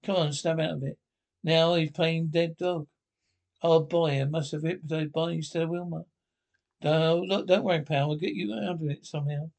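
Gruff, boastful caveman husband, husky and gravelly, pitched a bit high, for a 1960s cartoon. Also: fairly even intonation, normal speed, a little mellow. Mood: panicked.

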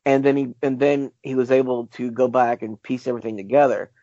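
A man hosting a casual podcast chat, animated and arguing his point with rhetorical questions. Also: medium pitch, fairly quick, no room sound. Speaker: podcast host. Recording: dull lo-fi sound.

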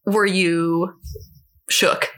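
A woman's voice: fairly low pitch, level tone, very slow, a bit bright. A woman from Minnesota co-hosting a podcast, asking curious questions in a playful, laughing chat. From Minnesota, United States. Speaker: podcast co-host. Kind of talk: casual chat.

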